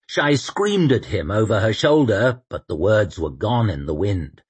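A man narrating an action story in a steady, dramatic storytelling manner. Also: on the low side, measured pace, breathy edge. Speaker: audiobook narrator. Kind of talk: scripted narration.

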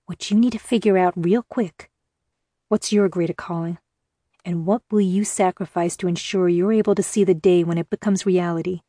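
A woman reading the lines of a grim, pragmatic male captor who talks in a steady, matter-of-fact way. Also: fairly low pitch, normal speed, dry recording, studio quality, lightly acted.

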